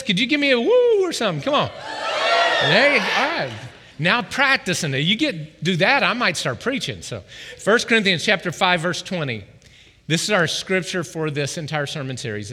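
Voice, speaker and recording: Hoarse pastor in a reverberant church. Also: male voice, on the high side, bright, forceful tone. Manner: jokey, urges the congregation to respond. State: losing his voice. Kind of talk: sermon. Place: church hall. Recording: long hall reverb.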